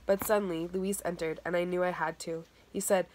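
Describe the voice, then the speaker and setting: Woman audiobook reader, first-person narration, steady, lowish pitch. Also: fairly quick, slight background noise. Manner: steady reading with occasional word restarts.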